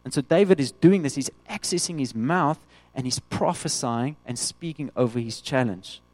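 A man preaching a sermon, animated, acting out the voices of the people he quotes. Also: mid-range voice, normal speed, dry recording.

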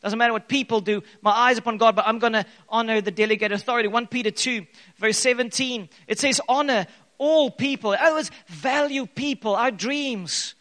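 A man preaching a sermon in an animated way, his voice echoing in a church hall. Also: extremely high pitch, a little fast. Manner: animated preaching with bursts of loud acted quotes. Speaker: pastor. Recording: long hall reverb.

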